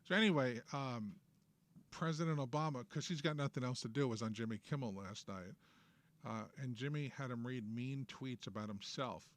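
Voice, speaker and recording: With a mid-range voice at a moderate pace, a man hosting a political talk show rants in a New York accent. His delivery is sarcastic, emphatic, and strongly opinionated.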